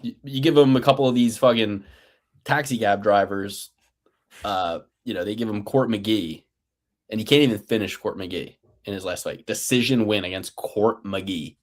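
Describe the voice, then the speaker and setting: Fairly low in pitch and at normal speed, another man co-hosting the betting podcast goes on a profane rant. He sounds sarcastically fed up and mocking.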